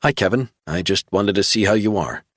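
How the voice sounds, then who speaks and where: Steady comforting lady, read by a guy, low voice, audiobook. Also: fairly quick, dry recording, studio quality. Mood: reassuring. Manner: steady, soothing promises. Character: calm reassuring woman caretaker.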